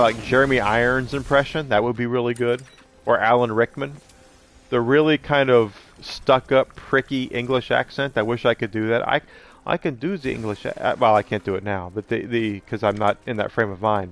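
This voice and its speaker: A middle-aged man streaming live, rambling casually and answering his viewers' chat messages. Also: mid-range voice.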